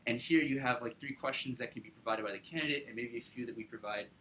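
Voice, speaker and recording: A young man casually pitching his startup to an audience, upbeat, with lots of fillers and tag questions. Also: fast, sharp tone, a little hiss or hum, rough recording. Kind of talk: business pitch presentation.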